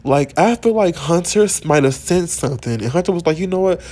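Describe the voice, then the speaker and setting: A man hosting a casual let's-play video, telling the game's drama in an excitable, gossipy way. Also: fairly high pitch, brisk. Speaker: gaming video host.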